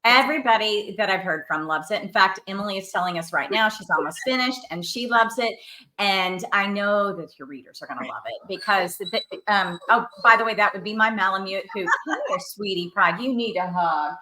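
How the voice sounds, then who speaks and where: A woman's voice: mid-range voice, animated, a little fast, sharp tone, rough recording. A woman hosting a casual author interview, chatty and reading out viewer comments. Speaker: host. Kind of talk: casual chat.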